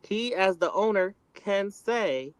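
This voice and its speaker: Slow, emphatic male panelist. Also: high-pitched, animated, smooth, dry recording, rough recording. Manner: emphatic, acts out quotes. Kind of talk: casual opinionated commentary.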